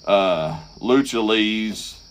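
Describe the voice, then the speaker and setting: A man co-hosting a podcast, recapping wrestling in casual, profane, animated chat. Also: on the low side, very slow. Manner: profane, animated storytelling with acted quotes. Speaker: podcast co-host.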